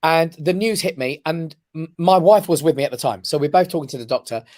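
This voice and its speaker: A man, a guest on a talk show, telling a personal story with lively emphasis and frequent "right?" check-ins. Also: a little high, brisk, no room sound, clean studio sound. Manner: animated storyteller who keeps checking in with "right?". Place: his office.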